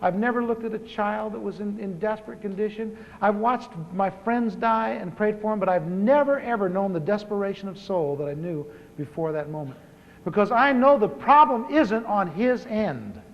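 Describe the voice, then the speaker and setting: A pastor in his fifties tells his own testimony in a humorous sermon. He is an animated storyteller who repeats words for comic effect. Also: high-pitched, a little fast, hardly any pauses, lo-fi sound. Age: 50s. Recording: live talk in a reverberant hall with faint hiss.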